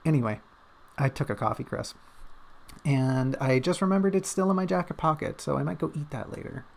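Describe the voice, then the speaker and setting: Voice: mid-range voice, brisk, vocal fry. A livestreamer chatting casually and rambling, with self-mocking jokes.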